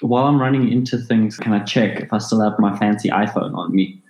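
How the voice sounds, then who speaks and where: A man playing a tabletop game in character, joking in a deadpan way. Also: lowish voice, a little fast, roomy sound, muffled recording. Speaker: player.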